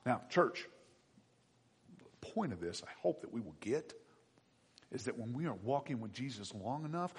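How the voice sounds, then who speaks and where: A man preaching a sermon as a pastor, dramatic, dropping to a hush and then rising high and loud. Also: breathy edge. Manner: dramatic, swings from hushed to shouting. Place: church. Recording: long reverb of a large hall.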